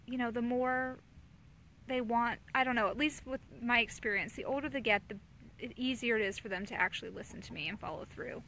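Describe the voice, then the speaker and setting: A woman in her thirties hosts a casual live chat for viewers. Her voice sits high and sounds bright and forward. She talks candidly and chattily and answers viewer comments as they come in. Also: a little hiss or hum. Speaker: mother hosting a live chat.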